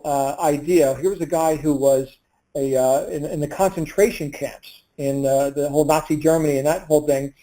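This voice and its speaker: A man's voice: a little high, mellow, poor audio. A middle-aged man hosting an online call, introducing a guest in an upbeat, motivational way. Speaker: host.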